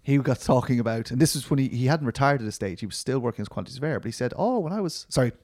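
A man's voice: mid-range voice, very fast, darkish tone. A middle-aged man, a documentary filmmaker, answering interview questions in a rambling, self-deprecating way, full of restarts and fillers.

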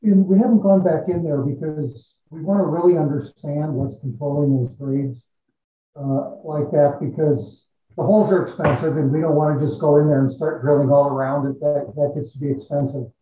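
A man's voice: on the high side, fairly even intonation. Geologist guy explaining drill results, stop-start and technical, far off the mic, muffled sound. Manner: measured, technical, with many restarts and fillers. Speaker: exploration geologist. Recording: echoey, distant, dull audio.

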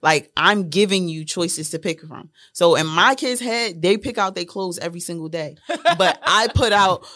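A woman's voice: lowish voice, moderate pace. A young woman and mother, a guest on a casual talk show, telling parenting stories and acting out the dialogue with her kids. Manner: animated storyteller, acts out dialogue with her kids. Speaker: guest speaking on millennial parenting. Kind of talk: casual podcast chat.

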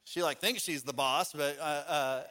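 This is a male pastor giving a sermon in a relaxed, conversational way. He slips personal stories in between points and leans on casual fillers. His voice sits a little higher than most men's. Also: measured pace.

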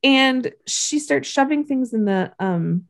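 A woman's voice: sits high, animated, slow, vocal fry. A woman co-hosting a podcast, casually recapping a TV episode scene by scene and often laughing as she goes.

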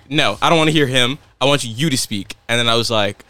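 A man's voice: mid-range voice, a little fast, no echo. A young man co-hosting a podcast, telling stories in a casual, laughing way and acting out what others said. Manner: animated storyteller, laughs often, acts out quotes. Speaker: podcast co-host. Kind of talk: casual chat, storytelling.

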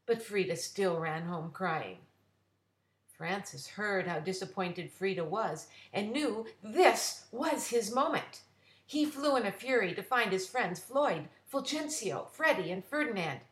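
Woman storyteller, gentle read-aloud, echoey room. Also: mid-range voice, expressive, a little slow. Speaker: storyteller and writer. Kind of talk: reading a children's story aloud. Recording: roomy echo.

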